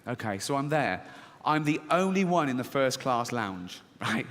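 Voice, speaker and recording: A man's voice: mid-range voice, moderate pace. A middle-aged man performing a stand-up comedy routine, telling a story on stage and acting out both sides of an inner argument. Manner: animated storytelling, swinging between voices of inner argument. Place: large theatre stage. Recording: stage mic in a reverberant hall with faint audience.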